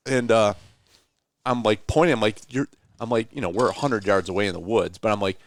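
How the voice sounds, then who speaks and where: Guy telling a deer camp story, lowish voice, gets loud and high doing the quotes, dry sound. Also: fast, vocal fry, no echo. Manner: animated storyteller, acts out quotes with rising voice. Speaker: hunting podcast host. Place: hunting cabin.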